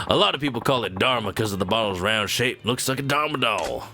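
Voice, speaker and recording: A man's voice: lowish voice, lively intonation, a little fast, few pauses, pushed and bright. A man chatting casually with viewers while playing a game on stream, rambling with lots of "like" fillers.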